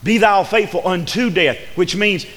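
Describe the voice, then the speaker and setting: A man delivers an emphatic sermon in a church, rising to loud declarations and dropping to hushed asides. His voice sits high for a man. Long reverb from the hall trails behind each phrase. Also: moderate pace. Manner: emphatic preaching, repeats words, swings between loud and hushed. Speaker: preacher.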